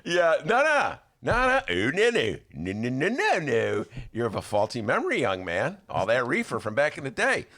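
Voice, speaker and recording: Animated male podcast host with lively pitch. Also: moderate pace, hardly any pauses. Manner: animated, jokey, slips into impressions. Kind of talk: casual studio chat. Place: radio studio.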